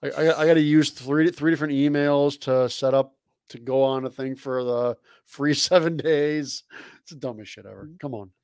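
A man's voice: medium pitch, moderate pace, a little mellow, no room sound. A man co-hosting a fan podcast in casual chat, laid-back with a wry, dry humor. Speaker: podcast co-host.

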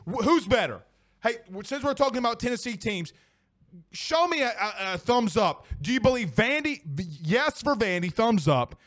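A young man hosts a casual sports podcast, exclaiming and cursing as he reads out viewer comments in a live-stream style chat. His voice sits high and a little bright, with clean studio sound and no room reverb.

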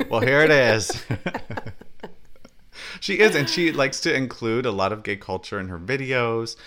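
A man co-hosting a pop-culture podcast in casual chat, laughing often and talking in quick asides. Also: medium pitch, bright, forceful tone. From Southern California. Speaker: podcast co-host.

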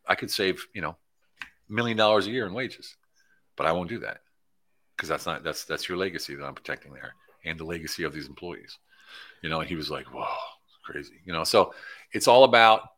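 A low-pitched man with a forceful, bright edge to his voice, speaking as an interview guest. He tells animated stories in a casual way and acts out every line of dialogue. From Pennsylvania, USA. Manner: animated storyteller acting out quoted dialogue.

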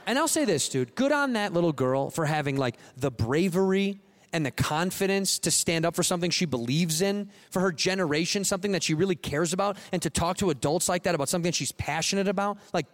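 High-pitched ranting comedian man. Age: 30s. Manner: ranting, exasperated, swings loud. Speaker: stand-up comedian. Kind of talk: stand-up comedy set. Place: theater stage with audience.

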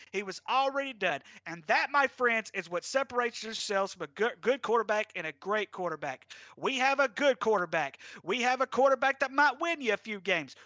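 A man's voice: extremely high pitch, sharp tone, no echo. A man co-hosting a football podcast, delivering a fiery, emphatic rant. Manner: ranting, emphatic, bursts of laughter. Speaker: podcast co-host.

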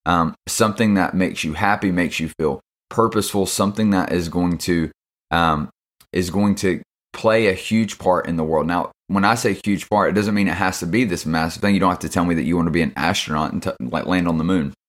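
A man's voice: low voice, fairly quick. A young man hosting a casual devotional podcast, laid-back and slangy, with lots of fillers. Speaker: podcast host.

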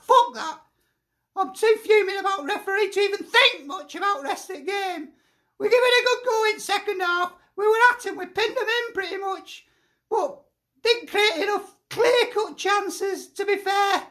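Angry woman football fan, shrill and piercing, yelling rant. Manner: furious, swearing, shouting.

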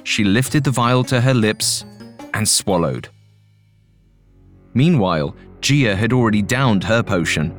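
Low-voiced man narrating a horror story. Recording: faint music bed.

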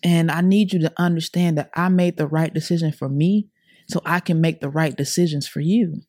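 A woman's voice: low voice, steady tone, moderate pace, darkish tone, dry recording. A young adult woman as a podcast guest, telling her life story with earnest, repetitive, slang-filled casual talk. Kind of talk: emotional personal storytelling.

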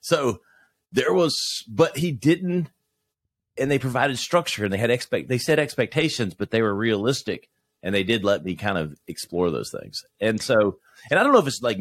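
A man who is a podcast guest, talking in a reflective, halting way with many restarts. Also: on the low side, big pitch swings, fairly bright tone. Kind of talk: casual conversation.

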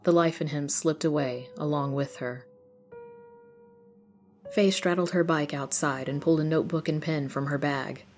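Low-voiced woman narrating horror fiction. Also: soft background music. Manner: measured, steady storytelling. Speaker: host and narrator.

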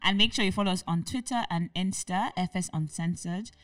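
A young woman chats upbeat with her co-host on a podcast, voice on the low side. The sound is dry, with a little distance from the mic. Faint music sits behind her. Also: fairly quick, dry recording. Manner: chatty, upbeat, lots of "like" fillers. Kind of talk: casual chat.

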